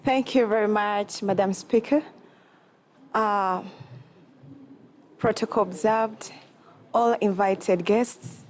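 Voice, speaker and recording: A young woman from Eastern Uganda with a Ugandan accent, giving an earnest, halting student campaign speech and often apologizing. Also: medium pitch, fairly even intonation, darkish tone, slight background noise. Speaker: student election candidate.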